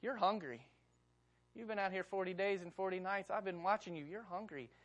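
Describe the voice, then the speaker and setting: A woman's voice: mid-range voice, a little fast, close to an everyday voice. A woman preacher voicing a sly male devil who coaxes with short, insistent urgings during a sermon. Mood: coaxing.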